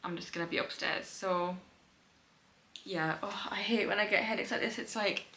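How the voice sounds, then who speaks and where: A young woman chatting casually in a bright, crisp voice as she records a reading vlog at home. She sounds tired and laughs often as she talks. A faint hiss of room noise sits under her voice. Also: medium pitch, normal speed, rough recording. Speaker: book vlogger. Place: home indoors.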